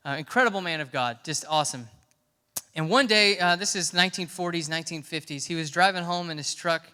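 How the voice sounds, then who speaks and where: A man preaching to a youth group in a large church hall, his high, bright voice ringing out with a long reverb tail. He tells his story with emphatic swells that push close to shouting. His tone stays smooth and clear throughout. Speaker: youth pastor. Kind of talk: sermon.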